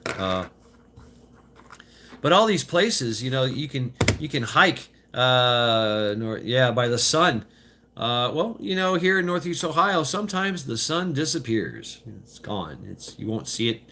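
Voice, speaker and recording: A man's voice: medium pitch, very animated, pushed and bright, a little hiss or hum. A man in his fifties rambling casually while out on a walk, loose and profane, stopping and restarting often as he answers viewer chat. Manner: loose, profane, halting with many fillers and restarts. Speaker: vlogger reading viewer chat. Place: outdoors on a walk.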